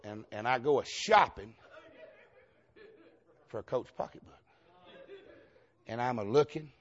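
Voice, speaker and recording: A man preacher from Georgia with a Southern accent, telling a funny story in a folksy, self-mocking way, often laughing through his words and breaking into shouts. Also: medium pitch, a little slow, lo-fi sound. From Georgia, USA. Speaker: visiting preacher. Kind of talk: humorous storytelling sermon.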